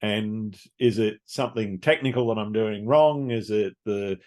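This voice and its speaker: Reflective male podcast host, low voice. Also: measured pace, a little mellow. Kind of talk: casual podcast interview.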